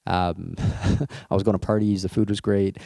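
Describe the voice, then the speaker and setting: Young man, low mellow voice, candid storyteller who laughs through it, dry close sound. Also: unhurried, creaky, no room sound. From Canada. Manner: candid, laughs often, repeats words when excited. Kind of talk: casual personal storytelling.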